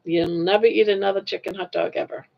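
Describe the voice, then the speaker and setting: A woman's voice: mid-range voice, fairly even intonation, fast, gravelly. An older woman host chatting casually with livestream viewers while crocheting, rambling and laughing easily. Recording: lo-fi livestream audio.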